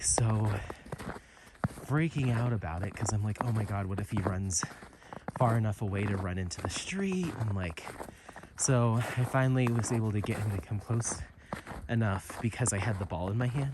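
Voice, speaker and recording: A man with a somewhat low voice talks casually on an outdoor trail, wandering from thought to thought with plenty of fillers. Heavy outdoor noise runs loudly behind him. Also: moderate pace. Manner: rambling and chatty, with many fillers. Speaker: vlogger. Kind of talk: casual walk-and-talk vlog. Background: loud outdoor noise.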